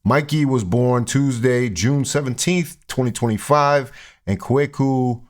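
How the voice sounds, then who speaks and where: A man putting on another man's accent to read a public apology aloud, slow and mock-formal. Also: mid-range voice, lightly acted. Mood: mock-solemn.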